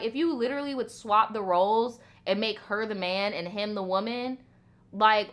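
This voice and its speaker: Bright, animated storytime host woman. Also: fairly high pitch. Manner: animated, profane, laughing reactions. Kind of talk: casual storytime commentary.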